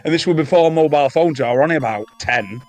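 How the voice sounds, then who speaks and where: A man's voice: on the high side, fast, a little mellow, faint music behind. A man, a podcast co-host, chatting casually and laughing as he tells a story.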